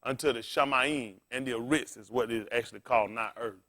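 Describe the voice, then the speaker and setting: A man's voice: mid-range voice, fast talker, pushed and bright. A man preaching a sermon as pastor in a plain-spoken, folksy way, calling out to the congregation and asking it questions as he restates scripture.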